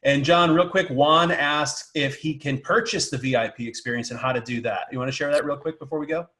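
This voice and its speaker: A man's voice: fairly high pitch, a little fast, pushed and bright. A man hosting an interview, enthusiastically thanking his guest and reading out closing plugs. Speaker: host. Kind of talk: interview podcast.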